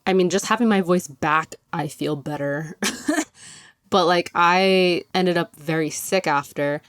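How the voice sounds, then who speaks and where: A woman's voice: lowish voice, unhurried, dry recording. Chatty young woman, dry close sound. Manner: chatty, lots of "like", laughs often. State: recovering from illness, voice still a bit rough. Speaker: podcast host. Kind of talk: casual chat.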